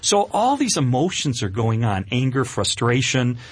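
A man's voice: medium pitch, big pitch swings, moderate pace, husky, dry recording. A middle-aged man giving an earnest, candid personal testimony as an interview guest, with hesitant restarts.

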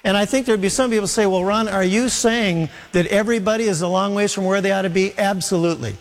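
A man's voice: high-pitched, fairly even intonation, fast. A man preaching an earnest sermon, often speaking Jesus' words to Peter as direct quotes. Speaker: pastor. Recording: long hall reverb.

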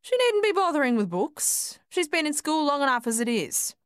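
A woman's voice: high voice, sing-song, moderate pace, dry recording, studio quality, pitched above the performer's own voice. A woman doing a sneering, sour mother. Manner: sneering, mocking.

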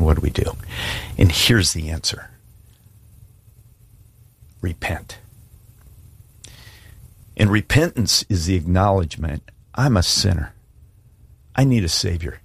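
Husky deep-voiced male pastor preaching. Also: no room sound. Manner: earnest, pleading, shifts from hushed prayer to emphatic. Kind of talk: sermon with altar call.

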